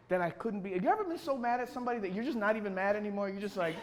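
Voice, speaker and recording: A man's voice: high-pitched, very fast, few pauses, in a large hall, a crowd in the background. A man from Chicago with a Chicago accent, telling a personal story on stage and acting out the voices of the people in it. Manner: animated storyteller acting out dialogue, frequent "you know". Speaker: speaker telling his life story.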